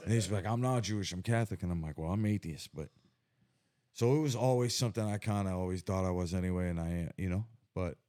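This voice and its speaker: A man's voice: deep voice, fast talker, warm tone. A young man chatting casually as a podcast co-host, rambling, swearing and laughing often. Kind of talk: casual chat.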